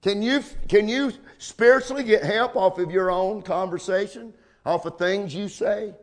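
A man's voice: high-pitched, normal speed. A man preaching a sermon, calling out amen and come on now between points.

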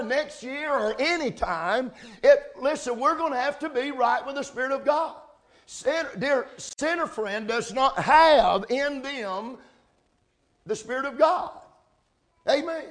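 A man preaching a sermon, building from steady teaching to shouted emphasis, spelling out key words. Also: very high-pitched. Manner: rising to shouts, spelling out words, answering amen. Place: church service.

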